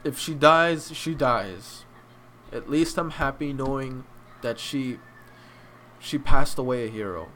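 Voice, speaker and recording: Man, crying, heartfelt, stumbling restarts, middle pitch, faint background noise. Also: bright, forceful tone. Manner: heartfelt, halting, restarts often. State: crying, choked up. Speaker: anime reaction channel host. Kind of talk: emotional casual review.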